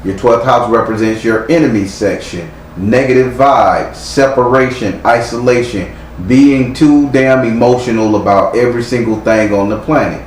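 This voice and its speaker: With a mid-range voice at normal speed and few pauses, a tarot reader delivers a live reading in a stern, blunt manner full of profanity. Faint noise and echo from the room are audible.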